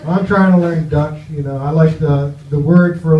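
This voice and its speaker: A man's voice: on the high side, fairly even intonation. Rambling stand-up man in an echoey club. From New Jersey, USA. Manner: rambling, halting, full of "you know". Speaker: stand-up comedian. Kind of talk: stand-up set. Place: comedy club with live audience. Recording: echoey, muffled live club recording.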